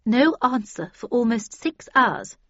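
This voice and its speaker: Performing a full character voice pitched above her own, a woman becomes a brusque, car-mad old spinster who is sharp and dismissive. The voice is fairly high with big pitch swings and a measured pace, recorded with no room sound in dull, dry lo-fi audio.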